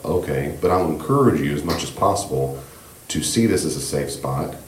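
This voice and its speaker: Very deep-voiced man teaching a church class. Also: animated, moderate pace, reverberant, slight background noise. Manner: gentle, reassuring, loose with fillers. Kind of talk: conversational church class lecture. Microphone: room microphone.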